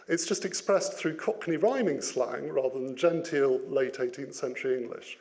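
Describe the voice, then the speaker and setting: A man giving an interactive business talk, lively and playful, putting questions to his audience. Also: fairly high pitch, normal speed, hardly any pauses. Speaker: business speaker.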